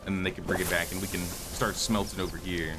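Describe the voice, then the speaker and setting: Over music, a man talks quickly in a low, level voice through his live game stream. He thinks aloud and greets viewers, his voice a bit worn as though he's slightly losing it.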